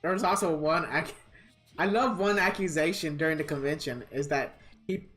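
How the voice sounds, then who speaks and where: A woman with a slightly low voice rants in casual gaming-stream commentary. She talks bluntly, swears freely and laughs at her own jabs, with faint game music playing underneath. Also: normal speed, fairly bright tone. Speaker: gaming livestreamer.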